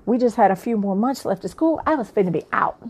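A woman's voice: mid-range voice, animated, fast, darkish tone, husky. A woman and author telling her own life story in a frank, plain-spoken, conversational way. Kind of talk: candid personal storytelling.

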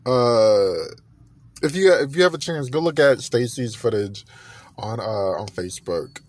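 A man hosting a podcast, chatting in a gushing, animated way and repeating himself often. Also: medium pitch, a little slow, slight background noise. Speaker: podcast host. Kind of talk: casual music gossip chat.

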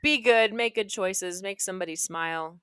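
Bright, giggly young woman podcaster. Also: medium pitch, moderate pace, smooth. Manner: giggly, animated, rambling. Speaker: podcast co-host. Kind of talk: casual chat.

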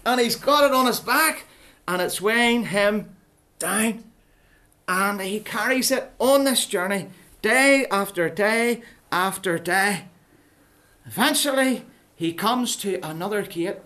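A preacher tells a Bible story to children in a playful, animated way, often asking them questions. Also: mid-range voice, slow.

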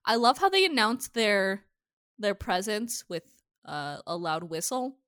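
A woman's voice: mid-range voice, measured pace, no echo, studio quality. A woman hosting a podcast in casual chat, recapping a show animatedly and cursing freely. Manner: animated, swears freely, acts out characters' lines. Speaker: podcast host recapping episodes.

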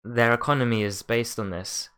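A man with a New Zealand accent talks through a casual chat. He is relaxed and chatty, often restarting and filling pauses as he thinks aloud. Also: mid-range voice, clear, resonant tone.

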